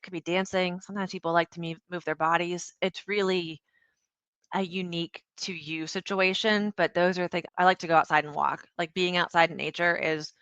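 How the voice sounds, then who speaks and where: Bright-voiced woman, lively podcast guest. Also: on the low side, clean tone, no echo. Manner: animated, acts out quoted dialogue. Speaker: podcast guest, founder and CEO. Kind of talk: casual interview conversation.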